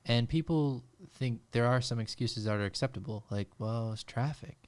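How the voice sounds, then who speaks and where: A man who runs a business and has employees, calmly reflecting on ownership in a podcast chat. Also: mid-range voice, normal speed, no echo. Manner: thoughtful, steady, reflective. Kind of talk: casual podcast conversation.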